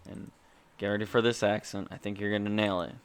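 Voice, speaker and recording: A man's voice: on the low side, little pitch movement, fast, clear, resonant tone. A man co-hosting a podcast in casual chat, teasing his friend and laughing often. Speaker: podcast co-host.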